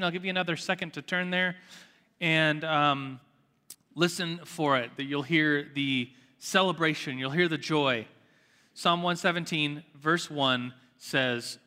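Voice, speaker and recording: A middle-aged man teaching a Sunday school sermon in a church hall, casual and animated, with rising exclamations. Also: fairly high pitch. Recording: long hall reverb.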